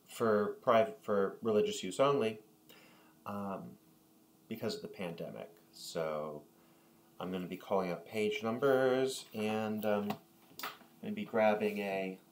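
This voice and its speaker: A man leading a prayer service as a lay reader, reading and chanting the liturgy and giving halting, unhurried asides with fillers, often clearing his throat. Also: sits low, a little hiss or hum.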